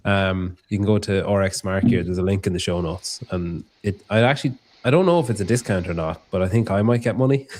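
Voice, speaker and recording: A man's voice: deep voice, brisk, few pauses, a little mellow. A man hosting a casual podcast, joking and rambling, swearing freely. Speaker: podcast host.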